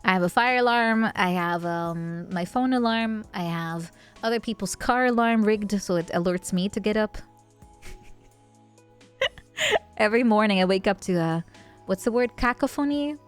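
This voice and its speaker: A woman's voice: medium pitch, moderate pace, smooth. Giggly streamer woman, faint music. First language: not English. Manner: playful, giggly, rambling. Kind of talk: casual chat.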